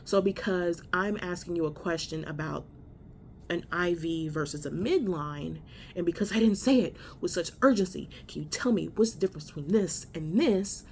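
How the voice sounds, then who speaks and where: A woman's voice: deep voice, a little hiss or hum. A woman telling a story in a casual vlog from a hospital room, blunt and profane, exasperated as she recounts it. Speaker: vlogger.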